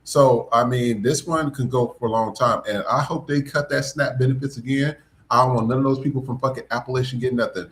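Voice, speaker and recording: A man's voice: medium pitch, fairly quick. A man hosting a podcast, ranting in casual political commentary with lots of profanity and mocking asides. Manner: profane, animated, mocking mimicry. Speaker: podcast host.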